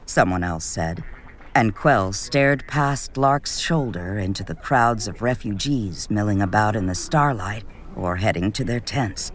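A man reading a novel aloud in measured scripted narration, lifting his voice for quoted characters. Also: on the low side, expressive, a bit bright, a little hiss or hum. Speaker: audiobook narrator.

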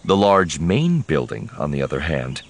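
A man's voice: rumbling low, huge pitch swings, normal speed, vocal fry. A man narrating an audiobook dramatically, voicing each character himself.

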